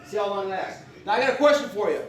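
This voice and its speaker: Caught from a distance in an echoey convention meeting room, this man talks very fast in a high, animated voice. He's presenting a live veterans benefits class in a folksy, emphatic way, frequently asking "okay?" to check in.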